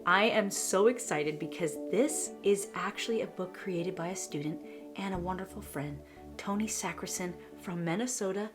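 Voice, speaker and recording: A woman hosting a crafting vlog, gushing over a scrapbook and often dropping into a breathy whisper. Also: lowish voice, moderate pace, music in the background. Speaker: scrapbooking channel host. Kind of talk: flip-through show-and-tell vlog.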